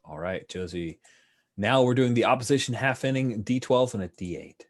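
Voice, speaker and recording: Over an online call with screen sharing, a man serves as game master for a tabletop baseball game, narrating it in a relaxed, chatty way full of fillers and small sportscaster flourishes. His voice is mid-range and his pace moderate.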